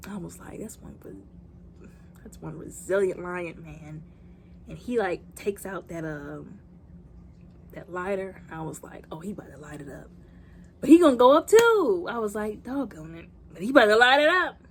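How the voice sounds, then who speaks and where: A woman, recapping a movie in a chatty, animated way, often exclaiming. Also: medium pitch, unhurried, breathy edge. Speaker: movie reviewer.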